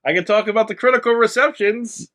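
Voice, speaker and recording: Laid-back man with a slightly high voice. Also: fast, pushed and bright. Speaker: podcast co-host. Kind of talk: casual chat.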